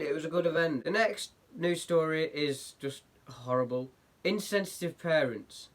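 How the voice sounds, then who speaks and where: A man's voice: a little high, normal speed. Blunt young man reading online news. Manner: blunt, sarcastic, mocking impressions. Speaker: news show host. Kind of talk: casual commentary on online news.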